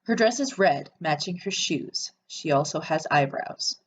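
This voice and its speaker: A woman's voice: low-pitched, expressive, unhurried, slightly rough. A woman reading an interactive horror story game aloud and adding chatty, sarcastic asides.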